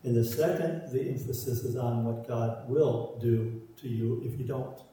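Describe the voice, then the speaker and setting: Man, sermon, dark mellow voice, emphatic repetition, echoey hall, mic set back. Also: medium pitch, fairly even intonation, measured pace, a little hiss or hum. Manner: emphatic, repeats phrases in parallel. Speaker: preacher. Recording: roomy echo, voice from far off.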